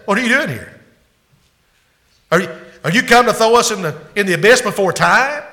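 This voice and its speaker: Panicked cornered demons, frantic and high-pitched, in a sermon retelling as a male preacher puts them on. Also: expressive, moderate pace, pushed and bright, heavily acted.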